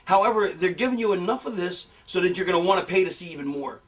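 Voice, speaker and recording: A middle-aged man with a high-pitched voice tells stories in a loose, profane, animated way. He acts out what other people said as he goes. The mic sits a little away from him. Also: quick pace, distant mic. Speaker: veteran wrestler explaining booking. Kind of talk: casual storytelling.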